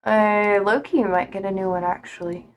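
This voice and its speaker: A woman's voice: medium pitch, steady tone, normal speed. A young woman live streaming from home, chatting casually in a rambling, easygoing way, swearing offhandedly and laughing easily.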